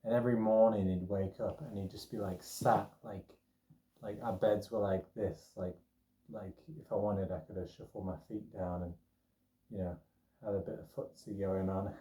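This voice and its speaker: A young man rambles through a personal story, chatty and full of fillers. His voice is low and mellow. He sits well back from the mic in an echoey room. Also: steady tone, moderate pace, distant mic. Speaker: vlogger telling a personal story. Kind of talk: casual storytelling.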